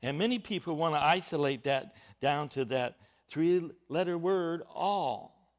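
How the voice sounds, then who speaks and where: A man's voice: a little high, a little slow. A man preaching a Bible teaching sermon, emphatic and stressing key words.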